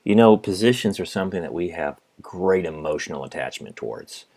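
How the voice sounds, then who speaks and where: A middle-aged man lectures on business as a professor. His voice is low but swings widely in pitch as he tells stories and acts them out for his students. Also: brisk. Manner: animated storytelling, acts out his father. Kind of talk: recorded lecture.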